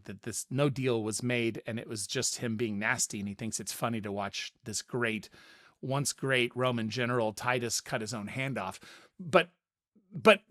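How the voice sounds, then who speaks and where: A middle-aged man hosting a casual podcast, talking through ideas in an animated way and often repeating words as he thinks. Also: mid-range voice. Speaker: podcast host. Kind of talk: casual spoken commentary.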